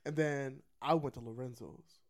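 A man co-hosting a casual chat, rambling and halting with fillers and restarts. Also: medium pitch, fairly even intonation. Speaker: podcast co-host.

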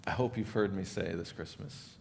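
A male pastor giving an earnest Christmas sermon, rising in force, then dropping to soft emphasis. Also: sits low, normal speed, creaky, slight background noise.

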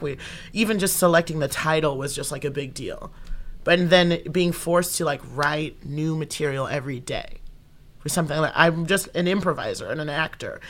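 A young woman comedian and actor, chatting in a casual interview. Her voice is bright and forceful, and she tells her stories with animation, acting out the lines of everyone involved. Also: low voice. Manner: animated storyteller who acts out quoted dialogue.

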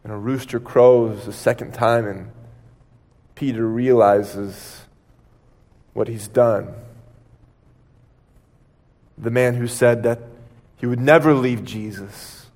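A male pastor preaching a sermon, retelling a story dramatically with pauses. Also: medium pitch, steady tone, darkish tone, in a large hall.

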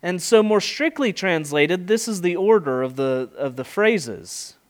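A man's voice: a little high, big pitch swings, a little slow, hardly any pauses. A middle-aged man preaching an expository sermon, emphatic, with rhetorical questions and rising and falling delivery.

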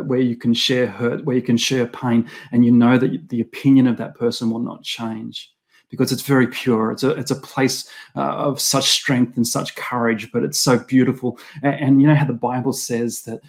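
A middle-aged man delivers a sermon in a gravelly, rough-edged voice. His pitch stays flat and level, and he speaks earnestly and reflectively, repeating phrases as he works through his thoughts. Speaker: preacher.

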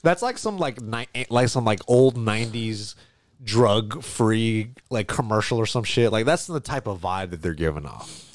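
A man in casual chat, retelling a story with shouted quotes and profane reactions. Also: on the low side, animated, measured pace.

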